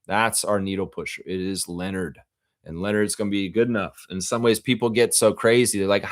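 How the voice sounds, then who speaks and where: A man's voice: on the low side, steady tone, a little fast. A man hosting a casual live sports reaction stream, reading chat aloud and giving rambling, opinionated takes.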